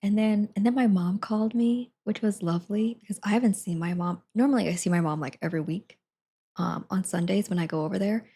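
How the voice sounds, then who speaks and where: A woman's voice: medium pitch, a little fast, mellow, slightly rough. A young woman streaming live from her desk at home, chatting to viewers in a rambling way and laughing often. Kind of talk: casual chat to viewers.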